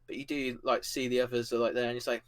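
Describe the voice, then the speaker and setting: A man's voice: medium pitch, flat delivery, fast talker. A man narrating a tabletop game as game master, loose and full of fillers.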